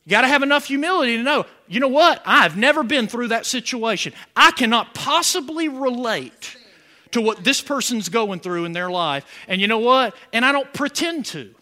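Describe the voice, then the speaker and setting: A man's voice: very high-pitched, expressive, moderate pace, pushed and bright. A man preaching a sermon as pastor, asking the congregation questions and building to emphatic points. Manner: preaching with rising emphasis and call-and-response questions.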